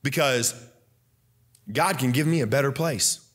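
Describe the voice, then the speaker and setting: Taking his time, a young Baptist pastor preaches loudly and emphatically with fire. He keeps repeating scripture lines, ranging from gentle asides up to high-pitched, excited preaching.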